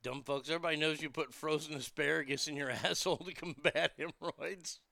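A man's voice: a little high, steady tone, brisk, creaky, pushed and bright, no room sound. A man hosting a show, delivering a crude, mocking comedic monologue that rambles with restarts. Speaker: radio show host.

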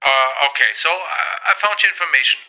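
A man's voice: a little high, fairly quick, bright, forceful tone, poor audio. An actor playing a pushy customer-service salesman with offhand sales patter.

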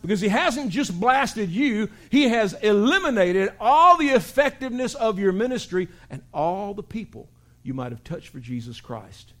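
High-voiced preacher telling stories. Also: male voice, moderate pace. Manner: animated storytelling preaching, acting out voices with big shouts. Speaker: pastor. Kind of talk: sermon.

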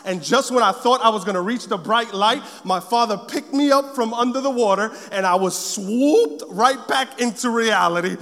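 High-voiced man preaching in a reverberant hall. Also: moderate pace, hardly any pauses. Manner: animated storytelling, acting out scenes. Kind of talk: sermon with personal story.

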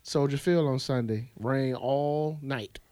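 A man's voice: mid-range voice, slow, dark tone, dry recording. A man co-hosting a casual sports podcast, talking in a laid-back, joking, slangy way. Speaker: podcast co-host.

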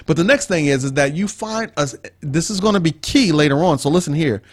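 A man's voice: a little high, animated, a little fast. A man co-hosting a relationship talk show, explaining ideas in a preachy style that circles back and repeats key points. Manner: preachy, explains with repetition and asides. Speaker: podcast co-host. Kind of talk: casual teaching talk.

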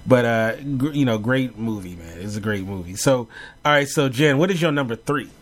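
A man co-hosting a casual chat about favorite movies and TV, animated and laughing, with many fillers. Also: medium pitch, a little fast. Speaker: podcast co-host.

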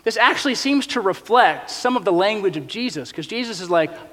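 A man preaching a sermon in a casual, animated way, often acting out quotes in other voices. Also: sits high, fairly quick, hardly any pauses, big-room sound. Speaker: pastor.

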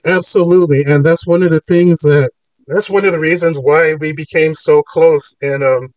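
A man's voice: on the high side, fairly even intonation, moderate pace, a little mellow, no echo, far from the mic, rough recording. A man hosting a call-in podcast, arguing his points in long rambling runs. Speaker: podcast host. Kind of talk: casual call-in talk.

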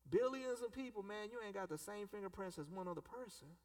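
A man's voice: sits high, animated, a little fast, darkish tone. A male pastor preaching a sermon in a casual, conversational way, asking the congregation questions and using everyday slang. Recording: echoey hall, voice from a distance.

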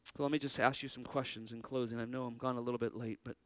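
A man's voice: medium pitch, flat delivery, fast talker, dry recording. A man preaching a sermon as pastor, earnest, with a rising and falling preaching cadence.

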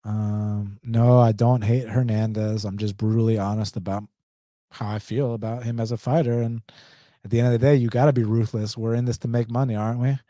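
Male streamer with an Atlanta accent, warm low-key tone, dry close sound, blunt casual delivery. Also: little pitch movement, fairly quick, no echo. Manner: blunt, slangy, laughs often. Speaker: MMA betting livestream host. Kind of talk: casual livestream chat reading viewer comments.

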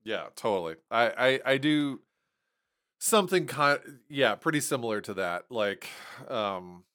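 A man co-hosting a podcast in casual chat, playful and joking, with halting restarts. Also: medium pitch, very animated, bright, forceful tone. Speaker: podcast co-host.

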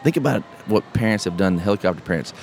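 A middle-aged man, a podcast host telling a story in casual, animated chat. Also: fairly low pitch, quick pace, vocal fry. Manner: animated storyteller, calls listener bro. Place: live podcast event. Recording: live event, faint noise behind.

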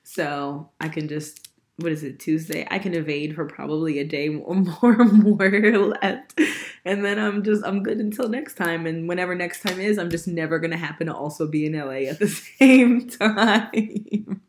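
A young woman chats as a podcast host, her voice sitting a touch low. She tells her stories in an animated, casual way, laughing often and swearing freely. She sounds a little sick, over a faint hiss. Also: normal speed. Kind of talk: casual chat.

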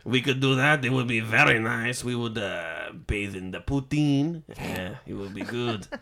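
A man's voice: medium pitch, measured pace, gravelly, sharp tone, pitched below the performer's own voice. A man putting on a French Canadian accent, talking politely about leaving the country, as a comedy bit. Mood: mock polite. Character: calm French Canadian man dreaming of separation.

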